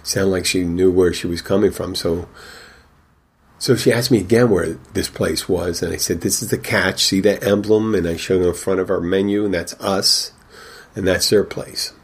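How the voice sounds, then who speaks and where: A man with a very low, husky voice tells a long anecdote from behind the bar. He rambles and restarts, acting out the back-and-forth with customers in a casual, conversational way. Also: steady tone, moderate pace. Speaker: bartender. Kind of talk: casual storytelling.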